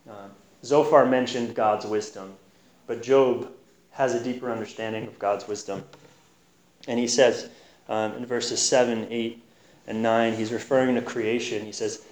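A man's voice: mid-range voice, darkish tone. A man giving an informal Bible teaching in an earnest, conversational way, pressing hard on key points. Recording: roomy echo.

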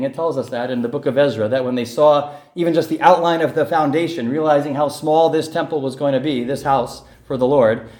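A male pastor preaching in a church, his voice sitting a little high for a man. He reads scripture aloud and then urges it on his listeners with earnest emphasis. The sound rings around a reverberant room. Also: darkish tone. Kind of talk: sermon. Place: church in North Jersey. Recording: echoey room.

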